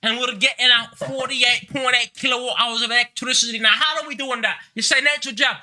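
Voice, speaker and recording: A man's voice: extremely high pitch, sharp tone. A man hosting a live online Q&A in a brash, joking way, swearing casually as he talks. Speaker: host of a live Q&A.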